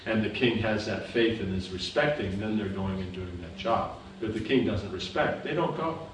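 A man with a fairly low voice teaches a scripture class, patiently explaining and often asking whether his students follow. He is heard from a distance in a very echoey room, with a little background noise. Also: normal speed. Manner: patient, explaining with repeated checks for understanding. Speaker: spiritual teacher.

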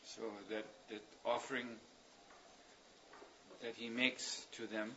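In a level tone and at a middle pitch, a spiritual teacher guides his class through religious ideas, circling reflectively and pausing with um and uh to find his words. The lo-fi recording is dull, with a faint hiss in the background.

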